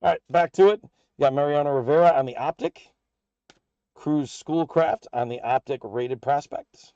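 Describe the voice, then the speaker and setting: A man hosting a live card break, calling out player names and teams as packs are opened in a steady, upbeat patter. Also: mid-range voice, no echo, lo-fi sound. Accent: American.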